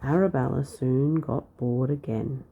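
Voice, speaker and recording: A woman reading a children's storybook aloud, with a lively, expressive delivery. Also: very deep voice, unhurried, gravelly, dull audio, a little hiss or hum. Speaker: storybook narrator.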